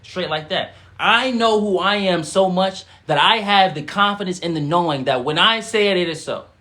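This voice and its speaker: Emphatic high-voiced man leading affirmations. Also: normal speed, pushed and bright. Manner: emphatic call-and-response, repeats phrases; casual slangy speech. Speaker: spiritual guide. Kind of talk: livestream affirmations and guided breathing.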